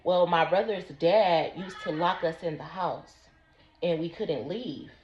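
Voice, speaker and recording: A woman telling a personal story slowly and deliberately to her vlog audience. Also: lowish voice, soft background music. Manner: slow, deliberate recounting. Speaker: vlogger. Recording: roomy, dull lo-fi sound.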